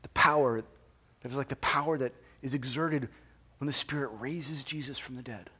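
A man preaching a sermon as pastor. He drops to hushed near-whispers and then climbs to loud, emphatic proclamation, repeats phrases and asks the congregation rhetorical questions. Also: medium pitch, steady tone, normal speed, slightly rough.

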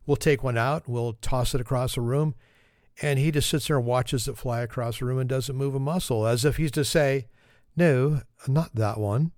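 In clean studio sound with no room sound, a male podcast host delivers a funny monologue in a wry, self-deprecating, chatty way. His mid-range voice is a little mellow, with fairly even intonation and a moderate pace.

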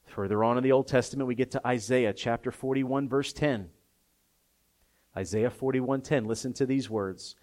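A man preaching a sermon to a live congregation. His delivery is openly emotional and personal, and it climbs from soft, intimate tones to loud, impassioned emphasis. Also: medium pitch, normal speed. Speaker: pastor.

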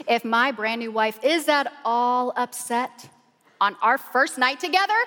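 A woman pastor preaching with an animated, excited, chatty way of telling funny stories from the pulpit. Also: a little high, moderate pace. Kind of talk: humorous sermon storytelling. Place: large church auditorium. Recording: long reverb of a large hall.

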